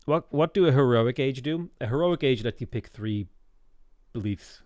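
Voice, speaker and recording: Irish male streamer, easygoing, answers chat between turns; middle pitch, no room sound. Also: lively intonation, moderate pace, a little mellow, no echo, highs cut off. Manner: rambling, reads out and answers chat questions. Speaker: game streamer. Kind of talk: casual live-stream chat.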